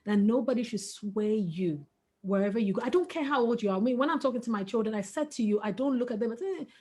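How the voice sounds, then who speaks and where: A woman's voice: fairly high pitch, expressive, fast talker, darkish tone. A middle-aged woman, a webinar guest speaker, giving parenting advice in an earnest, emphatic way. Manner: earnest, emphatic, breaks into laughter.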